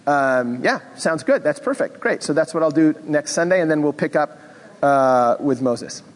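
A middle-aged man teaching a Bible class, animated and expressive, with self-deprecating asides. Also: on the high side, moderate pace, long reverb tail, background noise.

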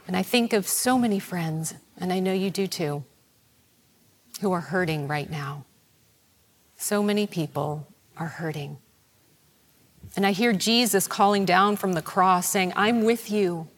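A woman preaching a sermon in a slow, reflective, prayerful way, her voice sinking toward a whisper. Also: lowish voice, a little hiss or hum.

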